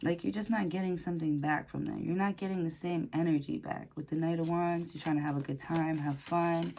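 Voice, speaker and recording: A woman's voice: deep voice, fairly even intonation, brisk, creaky, warm tone, a little hiss or hum. A woman doing a casual tarot reading to camera, chatty and laughing often, with lots of fillers. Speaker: tarot reader.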